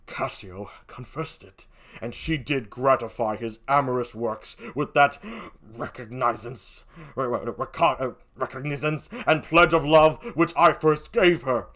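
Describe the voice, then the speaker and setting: Tormented general, deep and slow, dragging each line, voiced by an older man. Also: fairly bright tone, lightly acted. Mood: anguished.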